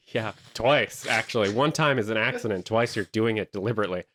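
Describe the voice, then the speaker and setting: A man hosting a comedy podcast, telling an improvised movie pitch with lots of energy and silly voices. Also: brisk, noisy background. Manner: animated storytelling with silly voices.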